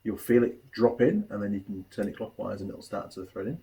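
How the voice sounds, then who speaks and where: Mechanic host, animated pitch, loose chatty storytelling. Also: male voice, a little fast, creaky. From New Zealand. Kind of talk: casual chat while building a model kit.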